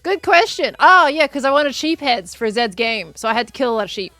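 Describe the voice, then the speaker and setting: An Australian woman chats on her stream, playful and quick to giggle. Her voice sits slightly high and moves in lively swoops. Soft music plays faintly in the background. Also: no room sound. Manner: giggly, playful, laughs often. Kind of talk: casual chat while gaming.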